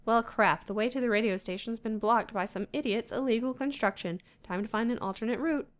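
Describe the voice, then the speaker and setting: A woman's voice: fairly high pitch, fairly quick. A woman casually commenting as she plays a video game, muttering to herself and reading game text aloud. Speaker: let's-play gamer.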